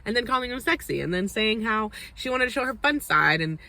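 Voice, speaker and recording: A woman's voice: on the high side, animated, a little fast, sharp tone. A young adult woman recapping a reality dating show in a chatty, sassy, opinionated way. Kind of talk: casual recap and commentary.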